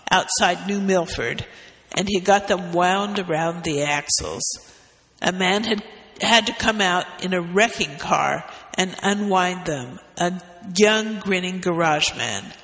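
High-voiced male story reader. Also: measured pace, big-room sound. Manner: expressive, steady narration. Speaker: narrator. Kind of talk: storybook reading.

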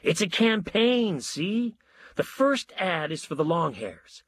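A pushy ad man with a fierce, emphatic sales pitch, as a narrator plays him, his voice raised and husky. Lively swings in pitch, read for a storybook in a dry, close sound. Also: slow pace, no echo, heavily acted.

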